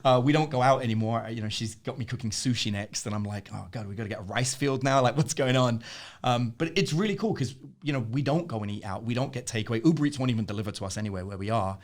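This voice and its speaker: A man in a casual interview, an animated storyteller who laughs often. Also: mid-range voice, fast talker. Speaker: interview guest.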